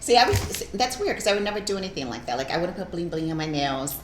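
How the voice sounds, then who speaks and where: A woman's voice: fairly low pitch, big pitch swings, quick pace. A woman in her forties co-hosting a casual chat, talkative and self-deprecating with easy laughs. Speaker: co-host. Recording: echoey room with faint hiss.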